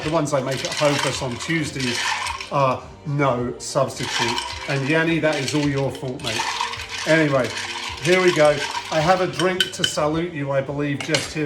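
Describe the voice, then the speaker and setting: A man's voice: a little high, heavy background noise. A man hosting a casual home cocktail demo, talking in a chatty, rambling way with joking asides to a friend. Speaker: home cocktail video host. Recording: roomy echo, faint music.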